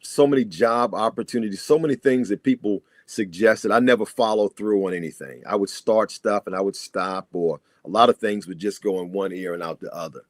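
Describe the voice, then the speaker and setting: An older man speaks as an interview guest, telling his recovery story earnestly and reflectively. His voice is fairly low, and the sound is close and dry, with no room echo. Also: fairly quick, few pauses.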